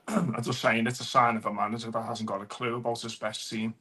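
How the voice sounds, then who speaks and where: A man's voice: mid-range voice, level tone, fairly quick, pushed and bright. A man joining a football fan show, blunt and critical. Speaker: guest panelist. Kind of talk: casual football chat.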